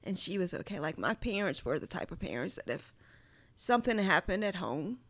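A woman's voice: fairly low pitch, sing-song, fairly quick, no room sound. A woman telling a heartfelt family story in casual chat, earnest and sprinkling in lots of "like.". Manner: earnest, many "like" fillers. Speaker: guest sharing a personal story.

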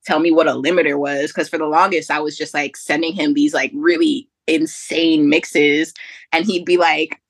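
A woman guest on a casual podcast, talking in a relaxed way, full of fillers and casual swearing. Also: low-pitched, moderate pace, dry recording. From North Jersey.

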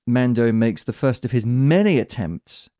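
A man hosting a casual podcast chat, lively and acting out quoted lines in little voices. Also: medium pitch, normal speed, dry recording, studio quality. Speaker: podcast host.

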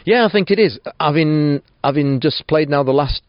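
A man's voice: on the high side, normal speed, no room sound, dull audio. A man managing a football club, giving a post-match interview, full of restarts and fillers. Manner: hesitant, many restarts and fillers.

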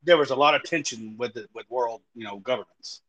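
A man in his thirties talks quickly in a husky voice. He co-hosts a casual podcast and swears bluntly and often. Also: medium pitch, a bit bright, poor audio. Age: 30s. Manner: crude, blunt, heavy swearing. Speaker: podcast co-host. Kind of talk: casual chat.

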